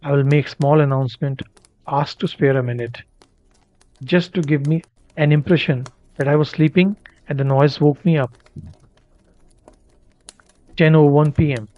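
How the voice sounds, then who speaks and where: A man's voice: a little high, no echo. Man narrating a story, dull lo-fi sound. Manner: measured reading with occasional stumbles and restarts. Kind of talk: first-person narrated short story. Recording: dull lo-fi dry recording.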